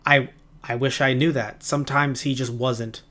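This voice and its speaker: A man in casual chat on a review podcast, rambling and animated. He throws in quick asides and playful voices at a middling pitch. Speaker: podcast co-host.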